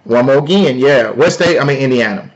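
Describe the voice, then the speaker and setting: A man hosting a live stream, talking loudly and playfully to his viewers in a casual sales pitch. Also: lively intonation, a little fast, muffled recording. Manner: loud, playful, talks to chat. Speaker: livestream host.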